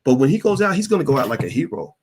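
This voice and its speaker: A middle-aged man hosting a Q&A stream, telling a story in a blunt, profane, animated way. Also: fairly high pitch, racing, a little hiss or hum. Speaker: host of a Q&A stream. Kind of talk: candid storytelling monologue.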